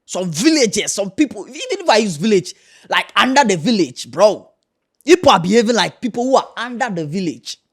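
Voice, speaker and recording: A man's voice: high-pitched, big pitch swings, fairly quick, husky. A man with a Ghanaian accent giving a heated, mocking commentary rant, emphatic and repetitive. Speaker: commentary host.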